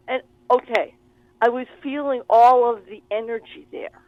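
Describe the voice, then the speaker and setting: Animated woman on a tinny phone line. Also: on the high side, a little fast. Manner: animated, expressive storytelling. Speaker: guest. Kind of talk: interview conversation.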